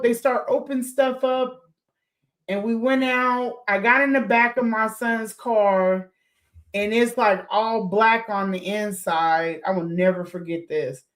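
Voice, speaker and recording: A woman in her forties hosting a podcast, telling a personal story in a loose, animated way, swearing freely and acting out what people said. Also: a little high. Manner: animated, swears freely, laughs, acts out quotes. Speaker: podcast host. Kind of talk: casual storytelling to listeners.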